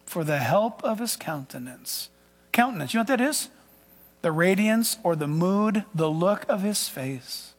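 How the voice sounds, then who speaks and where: A high-pitched male pastor delivers a sermon with emphatic, dramatic swings from loud to hushed. His voice rings out with a long reverb tail, as if in a large sanctuary. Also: expressive, moderate pace.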